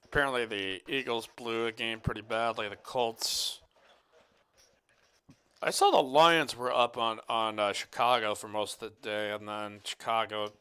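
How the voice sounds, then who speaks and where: Bright, crisp-voiced male poker commentator. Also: medium pitch, a little slow. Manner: rambling, joking, reads viewer chat aloud. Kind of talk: live poker commentary with casual chat. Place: card room commentary booth.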